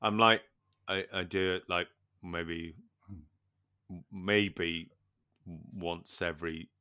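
A man's voice: low voice, steady tone, takes it slowly, pushed and bright, clear, resonant tone. A man on a casual podcast chat, telling an anecdote and acting out the lines of the people in it. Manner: storytelling, acts out quoted dialogue, swears casually. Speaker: podcast co-host.

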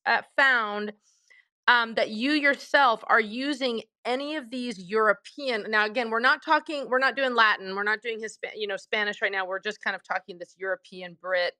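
A woman's voice: fairly high pitch, normal speed, bright, forceful tone, no echo. A woman co-hosting a panel discussion, upbeat and laughing easily as she leads the questions. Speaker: podcast co-host.

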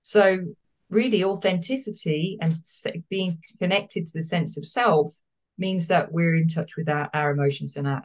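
A woman's voice: sits low, a little mellow. A woman therapist, speaking as a guest in a podcast interview, explaining earnestly and repeating words for emphasis.

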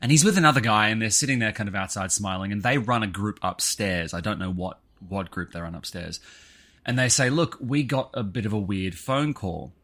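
Animated man telling a story. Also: brisk. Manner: animated storyteller, lively swings in pitch. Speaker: podcast co-host. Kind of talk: casual podcast chat.

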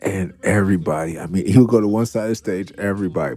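Middle-aged male host, low and dark, spins loose laughing anecdotes. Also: fast talker, hardly any pauses, faint music behind. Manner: animated, laughing, swears freely. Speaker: podcast host. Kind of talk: casual storytelling.

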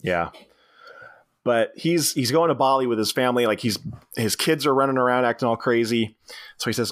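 A man's voice: mid-range voice, normal speed. A man co-hosting a podcast, telling the plot of a film in a casual comedic style and acting out its lines in voices. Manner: animated storytelling, acting out movie lines in voices. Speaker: podcast co-host.

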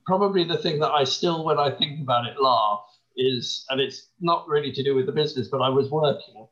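Male comedy producer, relaxed anecdote, slightly dull lo-fi recording. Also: medium pitch, brisk. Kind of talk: casual anecdote. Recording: dull lo-fi sound.

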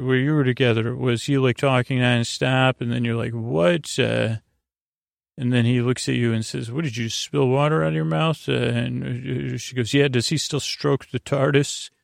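A man drowsily retells a story, halting and restarting often and voicing every character in his own plain delivery. His voice has a gravelly fry and stays flat in pitch. The sound is close and dry, with no room around it. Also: no room sound. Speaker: podcast host retelling an episode. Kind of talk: sleepy rambling plot recap.

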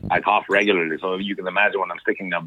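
A middle-aged comedian from Quebec, telling profane, animated stories in casual podcast chat. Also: male voice, low voice, racing, narrow, tinny audio. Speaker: comedian guest.

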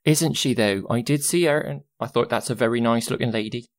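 A man's voice: mid-range voice, brisk, no echo, studio quality, close to an everyday voice. A man voicing a chatty, motherly housekeeper who scolds kindly and makes friendly talk. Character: motherly female housekeeper, warm but firm.

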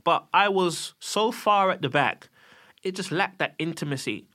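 A man's voice: high voice, moderate pace, pushed and bright. A man co-hosting a casual podcast, laid-back and jokey, stretching words for emphasis. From Black British with Jamaican family. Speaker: podcast co-host.

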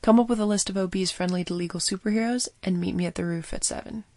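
A woman's voice: mid-range voice, fast, a little mellow, dry recording, close to an everyday voice. A woman voicing a grumpy older woman doctor who is blunt and teasing, speaking in a dry, sarcastic, bossy way.

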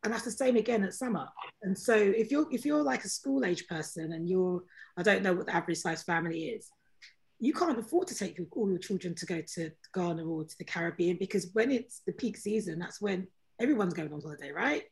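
A woman with a London accent, a regular on a podcast panel, thinking aloud in casual chat with halting restarts. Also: on the low side, expressive.

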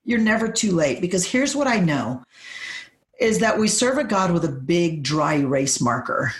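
Emphatic preacherly woman, lower voice. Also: big pitch swings, moderate pace. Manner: emphatic, repeats phrases for emphasis; preacherly, speaks in declarations. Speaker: podcast guest. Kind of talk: faith-based podcast conversation.

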